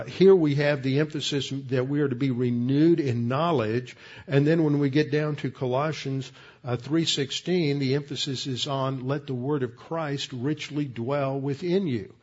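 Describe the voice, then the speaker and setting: A man giving an expository Bible lesson in a measured, explanatory way, pausing on "uh" as he works through word meanings. His voice sits at an ordinary middle pitch. The recording is dull and slightly lo-fi. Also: a little mellow, breathy edge. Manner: methodical, explanatory, frequent "uh" restarts. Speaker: Bible teacher.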